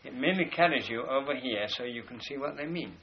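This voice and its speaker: A man lecturing in a measured, explanatory manner, leaning on key words by slowing down. His voice sits at a middling pitch. The recording is dull and lo-fi, with a faint hiss and room sound behind him. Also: expressive. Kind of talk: spoken lecture with drawings.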